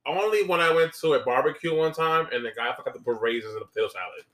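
A man's voice: a little high, quick pace, fairly bright tone. A man co-hosting a casual podcast, telling absurd joking stories with lots of swearing. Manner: joking storyteller, absurd asides, profane. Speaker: podcast co-host. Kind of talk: casual chat.

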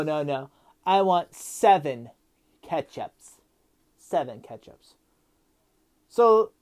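A middle-aged man hosting a casual monologue, rambling with many fillers and getting loud and heated as he rants. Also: fairly high pitch. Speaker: podcast host.

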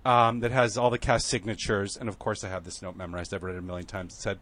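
A man telling a story on a podcast, acting out the quotes with lively shifts and growing emotional at moments. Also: on the low side, fast talker, hardly any pauses. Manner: animated, acts out quotes, emotional at times. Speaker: guest.

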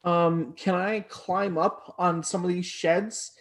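A man's voice: sits high, steady tone, slow pace, vocal fry. A man playing a tabletop game, describing his moves casually and hesitantly. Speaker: player.

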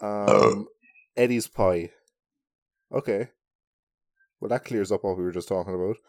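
A man's voice: on the low side, measured pace, a little mellow. A young man with an Irish accent co-hosting a podcast from his bedroom, joking crudely and laughing often into his mic. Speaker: podcast co-host. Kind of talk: casual chat. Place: bedroom at home.

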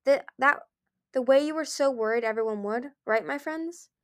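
A woman's voice: high voice, moderate pace, no echo, studio quality, voice pushed up, lightly acted. Brief: ancient male dragon, proud and charming, voiced by a woman reader. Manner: proud, easygoing, smooth-talking.

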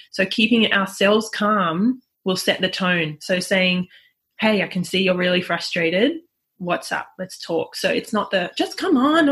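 A woman, a parenting coach speaking in a relaxed interview, chatty and laughing often. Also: medium pitch. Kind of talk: conversational interview.

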